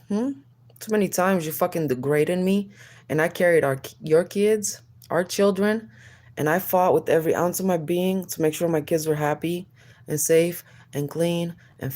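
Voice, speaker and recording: Angry low-voiced woman ranting at her ex. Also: a little mellow. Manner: heated, accusatory, profane, rambling. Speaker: mother addressing her ex on camera. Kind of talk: angry confessional rant.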